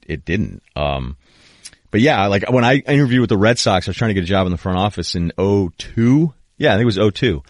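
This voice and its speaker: A man's voice: deep voice, no room sound, clean studio sound. A man in his thirties hosting a sports podcast, telling stories in a rambling, casual way full of fillers and restarts. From New England. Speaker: podcast host.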